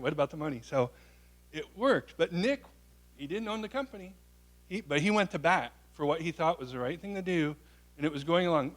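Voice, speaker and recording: A man giving a public talk, answering an audience question with a lively story. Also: a little high. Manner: animated storyteller, quotes people in their voices. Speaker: guest speaker.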